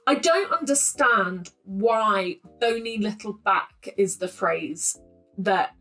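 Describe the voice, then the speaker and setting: A woman's voice: mid-range voice, animated, takes it slowly, bright, forceful tone, faint music behind, low-quality recording. A woman giving casual, opinionated close-reading commentary as the host of a poetry analysis channel, talking to her camera at home with plenty of ums. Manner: chatty and opinionated, with frequent ums.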